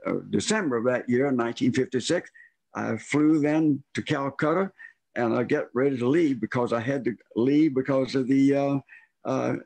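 This older storyteller guest tells a long, rambling anecdote about himself and slips into the voices of those he quotes. His voice is medium in pitch with a darkish tone. There's no room sound, and the talk is casual.

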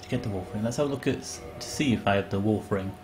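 An English man chatting and joking while he streams a game, with sudden loud outbursts. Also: on the low side, rapid-fire, noisy background. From England. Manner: chatty, self-mocking, bursts into loud outbursts. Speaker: gaming streamer. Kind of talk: live gameplay commentary.

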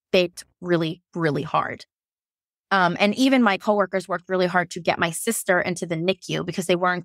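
Woman, 30s, guest sharing a hard birth story; gravelly, frank, emotional, dry close sound. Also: fairly low pitch, a bit bright, dry recording. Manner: emotional, frank, swears, many fillers. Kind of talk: candid personal storytelling.

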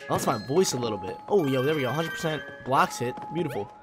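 A young man, a little hoarse, giving laid-back, slangy gameplay commentary with excitable bursts. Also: mid-range voice, quick pace, over music.

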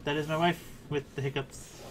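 A man's voice: on the high side, level tone, moderate pace. Male co-op gamer, laid-back, mid voice, noticeable noise on the line. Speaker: co-op gaming partner. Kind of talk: casual co-op gaming chat.

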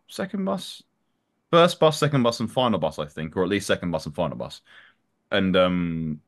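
A man, a voice actor, chatting in an interview in an animated, self-deprecating way, his voice swinging up and down. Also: deep voice, moderate pace. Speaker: voice actor guest. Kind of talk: casual interview chat.

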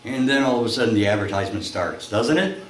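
A man's voice: lowish voice, animated, fast. Man preaching in an echoey church. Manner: storytelling, acts out voices, rises to shouts. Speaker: pastor. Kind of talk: sermon with a told story. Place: church sanctuary. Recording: echoey church room, faint noise.

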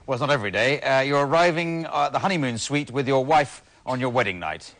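A man hosting a comedy game show, giving rules and wry asides with halting fillers. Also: mid-range voice, animated, fairly bright tone. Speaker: host. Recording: studio audience and noise behind.

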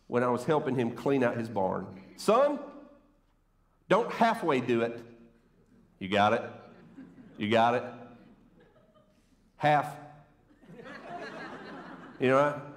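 Animated preacher man in an echoey church. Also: medium pitch, a little slow, long pauses. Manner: animated, playful, conversational preaching. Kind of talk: sermon. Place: church sanctuary, preaching from a stage. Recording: roomy church echo.

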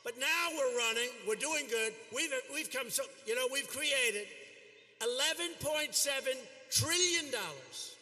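Older man shouting in an echoing arena. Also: extremely high pitch, expressive, measured pace. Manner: repetitive, boastful, shouting out to a crowd. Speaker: politician at a rally. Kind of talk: rally speech. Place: large arena. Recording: long hall reverb from an arena.

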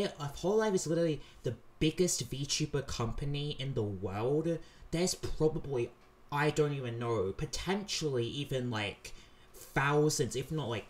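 A woman's voice: low-pitched, a little mellow. A woman hosting a reaction video, talking casually and rambling with many fillers and restarts. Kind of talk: casual commentary over clips.

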